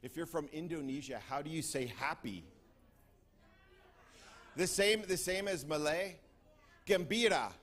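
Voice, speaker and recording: A man speaking on stage at a convention, playfully calling out to groups in the crowd and shouting greetings. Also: fairly high pitch, unhurried, long pauses. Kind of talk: lively stage address to a crowd. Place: large convention hall with a crowd.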